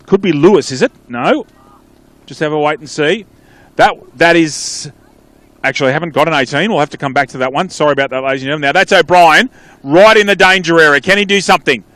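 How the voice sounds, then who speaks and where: A man with an Australian accent calling a local football match live, chatty, with quick calls that trail off into asides. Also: a little high, a bit bright, dry recording. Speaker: play-by-play commentator.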